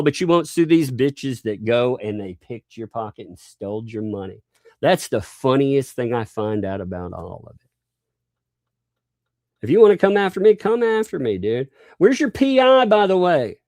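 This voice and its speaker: A man's voice: a little high, darkish tone, no room sound, studio quality. A man hosting a livestream, ranting in a combative, mocking way and swearing freely. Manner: combative, mocking, swears, laughs between lines. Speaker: livestream host.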